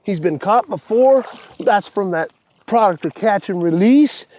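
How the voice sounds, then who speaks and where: A man hosting a fishing show, giving excited commentary from a boat on a lake and talking to the fish and the viewers at home. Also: high-pitched, unhurried, no echo. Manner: whoops and laughs, talks to the fish and the folks at home.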